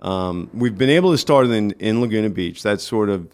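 A man with a New York accent, a guest on a casual radio interview, talking in halting bursts with many restarts. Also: lowish voice, lively intonation, darkish tone, clear, resonant tone. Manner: halting, restarts often, friendly. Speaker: community organizer guest.

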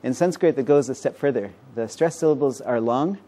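Man, mathematician, interview, quick pace, dark mellow voice, teacherly. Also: mid-range voice. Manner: explanatory, teacherly, quick-paced. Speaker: mathematician and professor. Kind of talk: conversational interview.

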